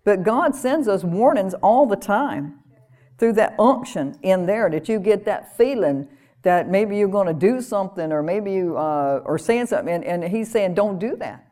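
A woman's voice: mid-range voice, expressive, normal speed, mellow. A woman delivers a sermon in an earnest, conversational style. She talks to the congregation directly and repeats key phrases for emphasis. Her voice sits in a middle register. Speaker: preacher.

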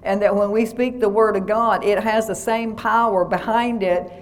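A woman's voice: medium pitch, steady tone, moderate pace. A woman pastor preaching a sermon, reading scripture aloud and breaking each quote with "he says".

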